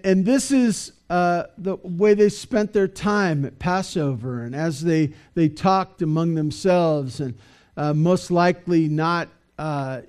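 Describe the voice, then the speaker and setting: Guy preaching in church, kinda high voice, mellow tone, lots of ums and restarts. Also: clean tone. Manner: conversational, halting with many fillers and restarts. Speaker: pastor. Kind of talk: sermon.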